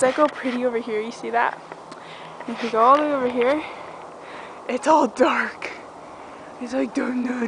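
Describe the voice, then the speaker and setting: A young woman chatting casually in a vlog from a backyard trampoline, rambling and giggly, with a dog barking nearby. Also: a little high. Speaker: vlogger. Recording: noisy outdoor camcorder audio. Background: outdoor ambience with a dog barking.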